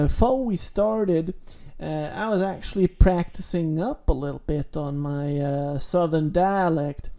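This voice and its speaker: A man chatting as a podcast co-host, slow and halting with plenty of restarts. His voice is mellow and soft-edged. He speaks in a relaxed, unhurried way. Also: on the high side, creaky. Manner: halting, full of restarts and laughter. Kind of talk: casual chat.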